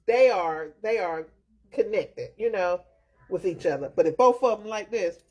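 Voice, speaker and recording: A husky-voiced woman chats easily as a host, telling her stories with a lively, rising and falling pitch. She laughs often and throws herself into each anecdote. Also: moderate pace, lo-fi sound. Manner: animated storytelling, laughs often. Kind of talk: casual chat.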